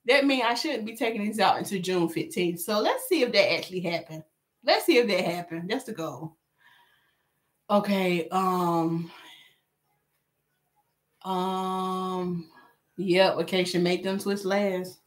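A woman hair stylist with a mid-range voice talks slowly, with long pauses, during a live stream of her work. Still chatty and animated, she reads out viewer comments and jokes with the people watching.

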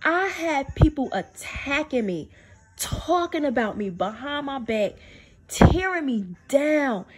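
A woman's voice: expressive, slow pace, a little hiss or hum. A woman giving a spiritual testimony to camera in an emphatic way, repeating phrases for stress. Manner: drops low and soft to quote God. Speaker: faith video speaker.

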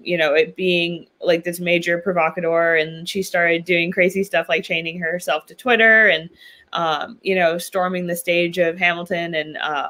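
A young woman from New York talks as a guest on a podcast in a loose, chatty way. Her voice is bright and forward, and her sentences are full of fillers and small laughs. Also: fairly low pitch. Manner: chatty, laughs often, many ums and likes. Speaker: podcast guest, political commentator. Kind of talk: casual interview chat.

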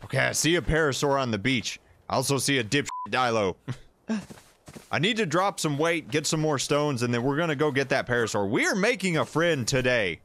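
A man giving jokey, animated commentary while playing a survival game and talking to the creatures in it. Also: mid-range voice, fairly quick. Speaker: gaming YouTuber. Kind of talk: playthrough commentary.

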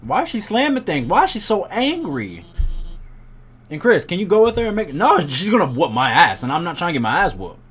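A man's voice: high voice, very animated, brisk, fairly bright tone, a little hiss or hum. A young man hosting a gaming video, making goofy, joking reactions as he plays. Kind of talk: let's play commentary.

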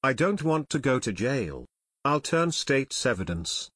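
A man's voice: mid-range voice, big pitch swings, unhurried, fairly bright tone, husky, no echo, clean studio sound, full character voice. A man voicing a nervous adult pilot who confesses and pleads, in an audiobook reading. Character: nervous male pilot, adult, frightened accomplice.

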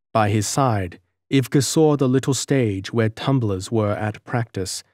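A male audiobook narrator with a middle-pitched voice, reading at a measured, even pace. The recording is close and very dry, with no room sound. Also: dry recording. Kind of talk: scripted narration.

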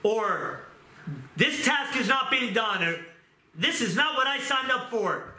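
A middle-aged male pastor preaching an impassioned sermon, moving from quiet talk to shouting. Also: very high-pitched, lively intonation, slow pace. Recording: roomy echo.

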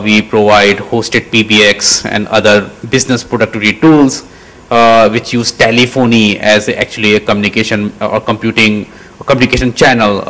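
A man in his thirties, a company founder introducing himself on a conference panel, halting with many fillers. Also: on the low side, fairly bright tone, low-quality recording. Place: conference stage.

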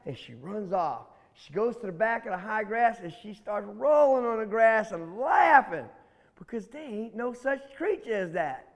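A man telling a folk tale aloud in an animated, folksy way, talking straight to his listeners. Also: high-pitched, moderate pace. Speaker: storyteller. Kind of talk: oral folk storytelling. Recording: long hall reverb.

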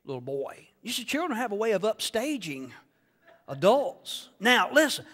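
A male pastor with a strikingly high voice delivers an animated sermon in a church sanctuary. He swings up into shouts and keeps throwing questions at the congregation. His voice trails off in a long hall reverb. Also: normal speed.

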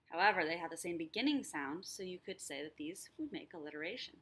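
A woman teacher explaining a lesson, sounding out words slowly and clearly. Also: lowish voice, animated, fairly bright tone. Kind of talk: recorded lesson.

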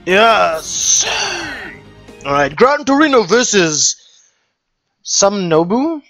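A man with a high, lively voice talks through his gameplay in casual let's-play style. He is excitable, swearing and shouting at the action, yet speaks at an unhurried pace, with faint game music underneath. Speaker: gameplay commentator.

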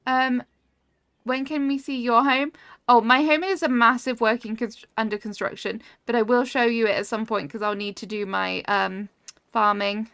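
A woman's voice: fairly high pitch, steady tone, moderate pace, fairly bright tone, clear, resonant tone, dry recording, studio quality. A woman streaming a cozy building game, gushing over viewers' builds and reading chat aloud in casual talk. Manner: gushing, easily delighted, reads chat aloud. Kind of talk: casual livestream chat while playing.

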